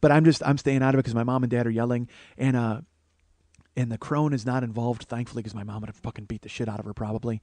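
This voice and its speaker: A man's voice: mid-range voice, fast talker, dry recording. A man in his forties, a comedian and podcast host, telling a personal story in a casual, profane way. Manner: profane, conversational, animated quotes.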